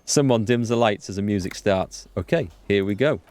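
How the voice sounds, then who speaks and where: A man's voice: on the low side, moderate pace, darkish tone. A man hosting a let's play, reading game text aloud and commenting casually with frequent chuckles.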